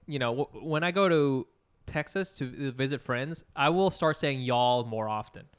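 A man co-hosting a podcast, chatting in a relaxed, joking way. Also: mid-range voice, normal speed, clean tone. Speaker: podcast co-host. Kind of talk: casual chat.

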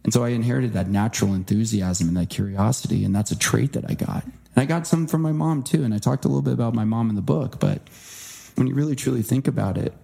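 A man speaking as an interview guest, telling a personal story earnestly and voicing quoted people with lively impressions. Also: mid-range voice, fast talker, vocal fry, husky. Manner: earnest, animated impressions when quoting. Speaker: guest author.

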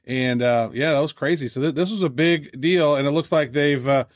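A man's voice: fairly high pitch, dry recording, clean studio sound. A man co-hosting a casual podcast, talking enthusiastically with lots of fillers. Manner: enthusiastic, fast, many fillers. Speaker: podcast co-host.

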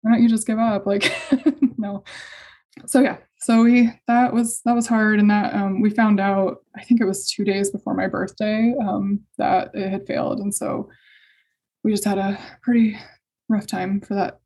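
A young adult woman telling a personal story in conversation, hesitant and emotional, with many fillers and soft laughs. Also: mid-range voice, level tone, a little slow, slightly rough. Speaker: guest sharing fertility story.

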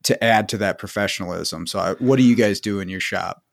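A man's voice: on the low side, brisk, vocal fry, dry recording, studio quality. A man who teaches technicians, a podcast guest speaking earnestly and telling self-deprecating stories. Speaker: automotive instructor, podcast guest. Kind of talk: casual chat.

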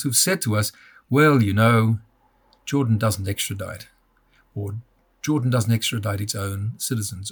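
Older male guest, husky, fired-up and impassioned. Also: mid-range voice. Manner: indignant, impassioned. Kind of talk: interview conversation.

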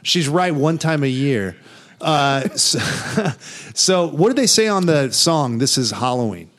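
A man's voice: on the high side, animated, takes it slowly, fairly bright tone. A man hosting a podcast, chatting casually and dropping dry wordplay asides. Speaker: podcast host. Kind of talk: casual chat.

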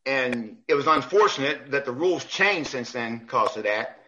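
Man, referee guest, animated storyteller, frequent laughter, bright voice, dull lo-fi sound. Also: mid-range voice, moderate pace. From United States. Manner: laughs often, repeats words, acts out quoted people. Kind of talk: animated storytelling in a podcast interview.

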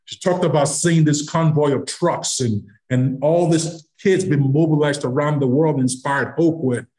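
A man's voice: fairly high pitch, a little slow. A middle-aged man from Nigeria, a podcast guest, telling a personal story and acting out the dialogue as he goes. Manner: animated storyteller who acts out quoted dialogue. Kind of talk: storytelling anecdote.

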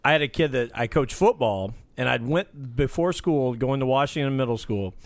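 A man, easygoing and quick to laugh, telling a story in casual chat. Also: medium pitch, lively intonation, no echo.

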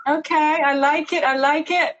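A woman's voice: high-pitched, fairly even intonation, normal speed, lo-fi sound. A woman therapist from Zambia, a guest on a podcast, chatting in a bubbly, affirming way over a video call. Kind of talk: casual video-call chat.

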